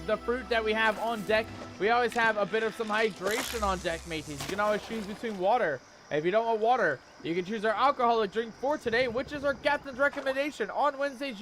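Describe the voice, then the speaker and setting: High-voiced hype-man streamer. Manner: showman hype, pirate-themed banter with chat. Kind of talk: hyped live game stream commentary.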